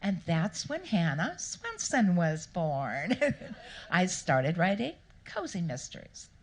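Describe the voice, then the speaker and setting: A woman author answering questions at a live event, telling stories in a playful, animated way and acting out the people she quotes. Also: on the low side, takes it slowly, a little hiss or hum. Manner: animated, playful storyteller who acts out quotes. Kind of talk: storytelling interview answers. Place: live Q&A event before an audience.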